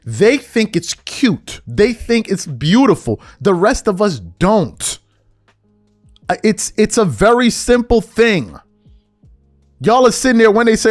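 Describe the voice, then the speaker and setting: A man's voice: sits high, big pitch swings, normal speed, no echo, clean studio sound. A man hosting a sports podcast, ranting heatedly and slangily with mocking impressions of fans. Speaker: podcast host. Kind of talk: heated sports commentary rant.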